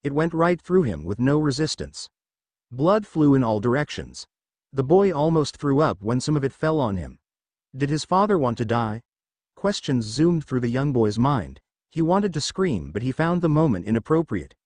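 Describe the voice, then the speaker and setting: A man reading fan fiction aloud as narrator, in a steady storytelling manner. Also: mid-range voice, moderate pace, no room sound.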